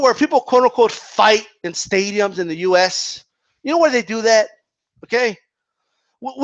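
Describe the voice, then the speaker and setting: A man ranting about boxing in a sarcastic, animated way, swearing constantly and laughing often. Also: very high-pitched, dry recording, dull audio. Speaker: boxing commentator. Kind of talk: profane ranting monologue.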